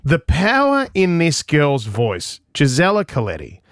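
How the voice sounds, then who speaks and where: A man hosting a radio show, chatting casually, lively and jokey and laughing often. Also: fairly high pitch, unhurried, no room sound, clean studio sound. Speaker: radio host.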